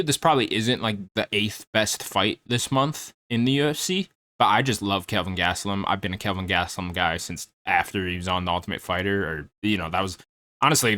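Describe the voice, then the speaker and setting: Low-voiced laid-back man talking fights. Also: bright, forceful tone. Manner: laid-back, rambling, lots of fillers and mild swearing. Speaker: MMA commentary YouTuber. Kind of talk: casual fight preview commentary.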